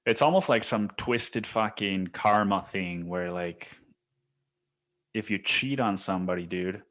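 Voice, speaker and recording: Profane rambling man, lowish voice. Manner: rambling, profane, says dude a lot. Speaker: podcast host. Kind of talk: casual solo monologue.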